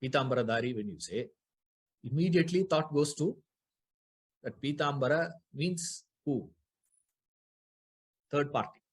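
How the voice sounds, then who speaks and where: A man's voice: fairly high pitch, a little slow, long pauses, slightly rough. A man teaching a scripture class, explaining Sanskrit grammar, repeating key terms and putting rhetorical questions to his listeners.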